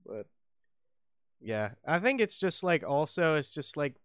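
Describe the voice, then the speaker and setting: A man's voice: a little high, big pitch swings, unhurried, fairly bright tone, no room sound, studio quality. A young man co-hosting a podcast in casual chat, rambling with lots of fillers and restarts and swearing freely. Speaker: podcast co-host.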